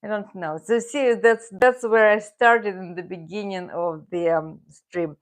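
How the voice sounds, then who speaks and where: A woman with a Russian accent, chatting casually with viewers on a livestream, halting with many fillers and restarts. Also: medium pitch, steady tone. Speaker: livestream host.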